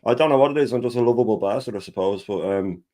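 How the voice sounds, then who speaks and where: A man's voice: mid-range voice, fast talker, a crowd in the background. A man with an Irish accent, a chatty guest on a live football stream who tells stories and laughs a lot. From Ireland. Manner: chatty storyteller, laughs often, swears casually. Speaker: guest co-host with own channel. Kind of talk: casual live-stream chat.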